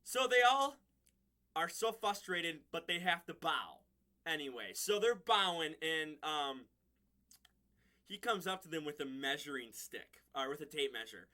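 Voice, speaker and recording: In a loose, casual review, a man recaps a TV episode, rambling and chuckling often along the way. His voice is high, very bright and cutting, and he sounds expressive while speaking a little slowly.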